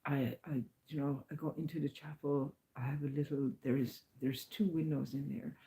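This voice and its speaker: Woman, middle-aged, very dark mellow tone, rambling travel diary, storytelling, slips into hushed whispers. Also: deep voice, rough recording. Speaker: walking pilgrim vlogger.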